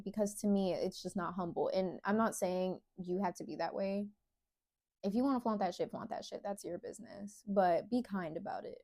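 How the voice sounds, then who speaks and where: A young woman vlogging candid advice, talking straight to the viewer with slow, emphatic phrasing. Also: mid-range voice. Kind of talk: casual advice monologue to camera.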